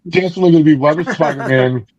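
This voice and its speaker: A man's voice: fairly high pitch, racing, muffled recording, crowd noise. Man rambling through a comic recap. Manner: rambling, frequent fillers and restarts. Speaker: book club podcast host. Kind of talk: casual comic book recap and review.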